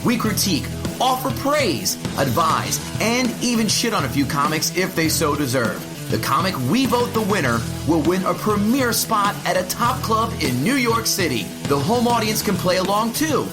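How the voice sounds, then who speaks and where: A man's voice: high-pitched, very animated, normal speed, hardly any pauses. A man reading a scripted show introduction in an announcer-like, rhythmic delivery, played from a clip. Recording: clip with music behind.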